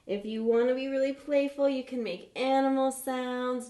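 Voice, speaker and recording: A woman leading a live online yoga class for kids, gentle, encouraging and playful as she talks through each pose. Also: high voice, steady tone, moderate pace, reverberant. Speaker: yoga teacher for children.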